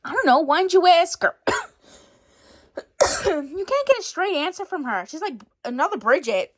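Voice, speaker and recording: A woman performing an improvised skit, switching rapidly between many bickering characters in different voices. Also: extremely high pitch, sing-song, no room sound, studio quality. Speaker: storyteller voicing every character. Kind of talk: improvised doll-play skit.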